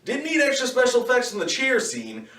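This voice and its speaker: A man giving a casual, profane movie review, ranting in an animated way and slipping into quick impressions. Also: very high voice, recorded from a distance. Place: in his car. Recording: echoey room, voice somewhat off-mic.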